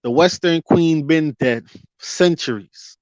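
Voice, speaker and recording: Here a vlogger with a voice on the high side speaks slowly in a fiery, ranting monologue. He stretches out words for emphasis and aims rhetorical questions at viewers, while the dry, dull lo-fi recording has no room sound.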